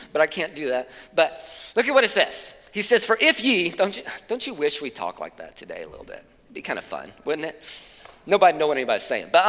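A man's voice: sits high, fairly bright tone, in a large hall. A man preaching a sermon as pastor, in a conversational, plain-spoken way with casual asides, speaking from a church stage.

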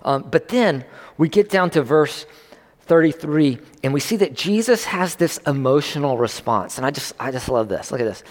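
Chatty preacher with a ringing hall. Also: male voice, a little high, animated, normal speed. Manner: conversational, restarts, swells with emphasis. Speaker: pastor. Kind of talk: sermon. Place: church service. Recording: long hall reverb.

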